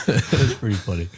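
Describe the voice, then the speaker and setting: A man co-hosting a podcast in casual chat, telling stories with halting restarts and frequent laughter. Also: mid-range voice, slight background noise. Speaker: podcast co-host. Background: other hosts chatting.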